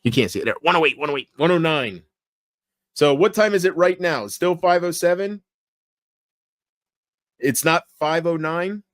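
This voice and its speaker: A man streaming late at night. He keeps his voice low and rambles casually while talking straight to his viewers. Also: normal speed, pauses often, no room sound, studio quality. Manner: relaxed, rambling, talks straight to viewers in chat. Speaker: livestreamer.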